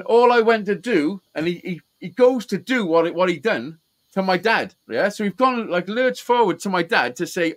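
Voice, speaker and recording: His voice sits high with a fairly bright tone, and the recording quality is low. He's the host of a live call-in stream, chatting through casual stories with heavy swearing and laughing at himself.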